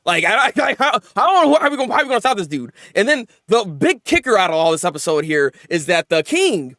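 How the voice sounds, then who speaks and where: Excitable high-voiced man recapping anime. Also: fast, no echo, studio quality. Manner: excitable, laughs often, acts out characters' lines. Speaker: anime reviewer. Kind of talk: casual anime episode recap.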